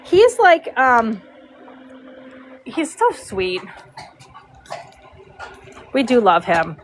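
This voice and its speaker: Speaking extremely slowly and pausing often, a woman in her forties who braids horses chats on a livestream from a horse show barn stall, answering comments and cooing at her dog. Her fairly high voice has huge pitch swings, with a little hiss or hum behind it.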